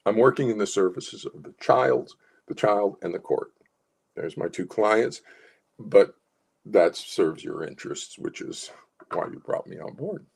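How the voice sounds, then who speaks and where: A man's voice: fairly low pitch, lively intonation, a little slow, gravelly, darkish tone, husky. A man, a psychologist consultant, gives clients informal advice and coaching, explaining step by step and repeating key phrases.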